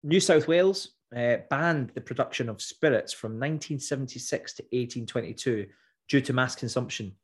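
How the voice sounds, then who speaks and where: A man's voice: mid-range voice, normal speed. Man co-hosting a podcast. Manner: relaxed, stammers on restarts. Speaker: podcast co-host. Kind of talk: casual chat.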